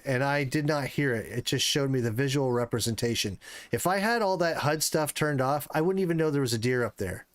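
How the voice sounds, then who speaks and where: A man's voice: mid-range voice, animated, fairly quick, dry recording. A man in his thirties streaming a hunting game, chatting casually with his viewers and swearing when the game frustrates him. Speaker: livestreamer. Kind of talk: casual livestream chat while gaming.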